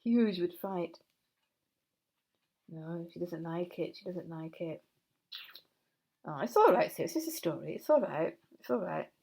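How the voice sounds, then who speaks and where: Gentle, gravelly-voiced woman storyteller. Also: on the low side, moderate pace. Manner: gentle, expressive, chatting aside to a puppet. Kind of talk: children's story reading.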